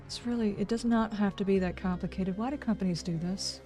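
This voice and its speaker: A woman's voice: medium pitch, moderate pace, mellow, faint music behind. A woman game streamer chatting casually on a livestream, ranting in exasperation with sarcastic asides.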